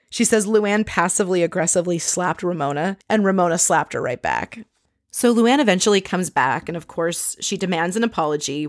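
A woman's voice: on the low side, no room sound, clean studio sound. Chatty gossiping woman recapping. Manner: animated gossipy storytelling, swears casually. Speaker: reality TV recapper. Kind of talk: casual recap vlog.

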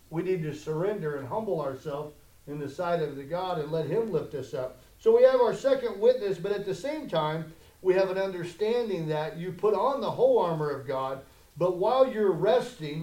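A male pastor preaching a conversational sermon that swells into loud, emphatic challenges, in a church sanctuary. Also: high-pitched. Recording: echoey room.

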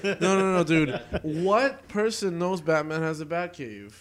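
A man's voice: on the high side, lively intonation, unhurried. A young man in casual chat about a movie, insistent and swearing freely.

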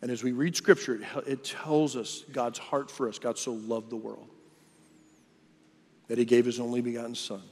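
A man's voice: mid-range voice, steady tone, normal speed, darkish tone, slightly rough. A man preaching a sermon in a casual, conversational way, stumbling and restarting his phrases as he goes. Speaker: pastor. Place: church auditorium. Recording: long church hall reverb.

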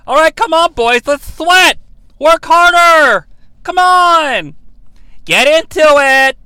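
A shrill, sky-high aerobics coach who cheers his class on loudly and over the top, as a podcast host puts him on. The voice is bright and sits close and dry on the mic. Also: lively intonation, takes it slowly, no echo, full character voice. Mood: pep-talking. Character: peppy male fitness instructor urging exercisers on.

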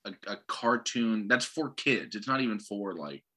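Sardonic, rambling man with a forceful voice. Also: fairly low pitch, animated, moderate pace. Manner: rambling, sardonic, opinionated, lots of fillers. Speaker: podcast co-host. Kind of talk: casual chat reviewing movie trailers.

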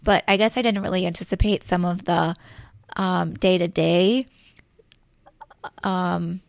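A woman's voice: lowish voice, steady tone, measured pace, creaky, no echo, clean studio sound. Hesitant woman teacher, lots of ums. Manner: hesitant, many ums and you-knows. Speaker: teacher, podcast guest. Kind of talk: casual podcast chat.

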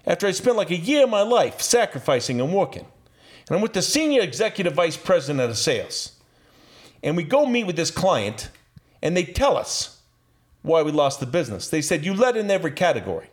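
A man as a podcast guest, telling a story in an animated, profane way and laughing as he goes. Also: a little high, a little fast. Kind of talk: casual storytelling.

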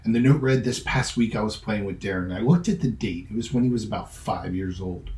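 A man's voice: fairly low pitch, brisk, a little mellow. A man hosting a podcast, giving a conversational sermon that moves from a personal story into earnest teaching with emphatic repetition. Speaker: pastor and podcast host. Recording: roomy echo.

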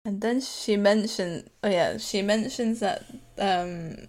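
A young woman chats through a TV episode recap as co-host. She laughs often and slips into the characters' lines as she retells scenes. Her voice sits at an ordinary middle pitch. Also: slow, a little mellow. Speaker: podcast co-host. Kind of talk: casual recap chat.

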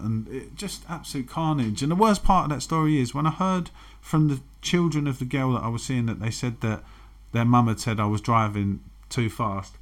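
A man's voice: mid-range voice, moderate pace. A man, frankly telling his own recovery story and swearing freely. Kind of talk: candid personal testimony.

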